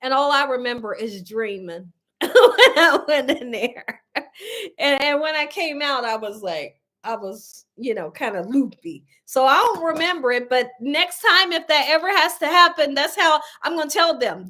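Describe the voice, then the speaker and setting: A woman hosting a cooking livestream, telling a story to her viewers in a lively, animated way and laughing often. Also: sits high, normal speed. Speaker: cooking channel host on a livestream. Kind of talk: casual livestream chat with viewers.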